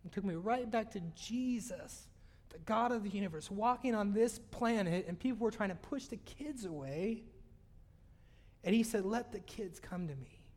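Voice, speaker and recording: A man preaching a sermon, with sudden loud swells and soft drops in his voice. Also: high-pitched, normal speed. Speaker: pastor. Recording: long hall reverb.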